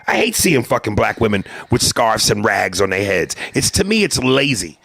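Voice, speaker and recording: Man with a husky, gravelly voice, heated and stammering. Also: medium pitch, big pitch swings, moderate pace, few pauses, fairly bright tone, dry recording. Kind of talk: casual ranting chat.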